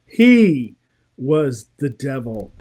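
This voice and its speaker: Guy guest chatting away, mellow warm tone, laughs a lot, pretty opinionated. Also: mid-range voice, extremely slow, slight background noise. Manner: animated, opinionated, laughing storyteller. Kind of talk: casual interview chat.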